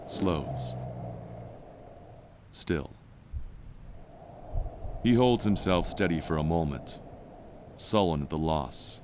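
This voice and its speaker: A man narrating an audio drama in a measured, descriptive way. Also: extremely low pitch, animated, darkish tone, slight background noise.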